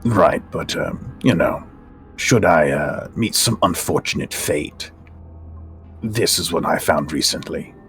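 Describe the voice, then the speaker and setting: A man's voice: deep voice, expressive, slow pace, a bit bright, soft background music, full character voice. A man voicing a hesitant, mumbling male Nosferatu vampire.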